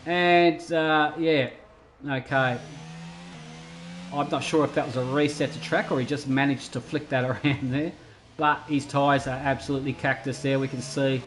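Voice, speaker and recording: A man commentating a sim racing league, chatty and breaking into excited bursts during overtakes. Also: medium pitch, normal speed, slight background noise, low-quality recording. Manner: chatty, excitable bursts over steady play-by-play. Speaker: race commentator.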